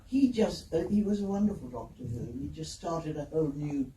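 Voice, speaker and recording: A woman's voice: low-pitched, brisk. An older woman with a London Kensington accent telling anecdotes on a convention panel, laughing often and acting out what people said. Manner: lively storyteller, laughs often, acts out quotes. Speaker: panel guest, actor. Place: convention hall. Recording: roomy hall, distant mic, noisy.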